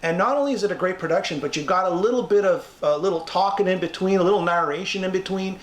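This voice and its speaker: A man's voice: high-pitched, fast, echoey room. A man from Canada hosting an interview, effusive and gushing with praise. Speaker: interview host. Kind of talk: casual interview.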